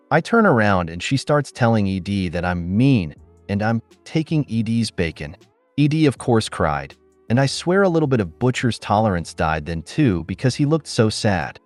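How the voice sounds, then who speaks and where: A man's voice: on the low side, sing-song, normal speed, no room sound. A man reading reddit stories aloud as the narrator, voicing every character in his own plain voice. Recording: dry close voice with faint background music.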